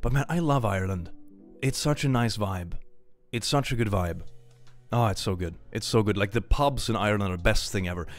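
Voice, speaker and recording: A man's voice: lowish voice, fairly quick, faint music behind. A man from Sweden, chatting playfully on a live stream and reading out supporters' messages. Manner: playful, animated, jokey. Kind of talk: casual live-stream chat, reading donations.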